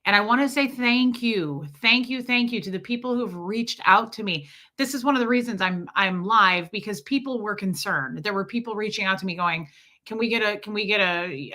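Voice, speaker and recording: Nursing a headache, a livestream host welcomes viewers by name in a casual, chatty, self-deprecating manner. She speaks in a mid-range voice with a sharp tone.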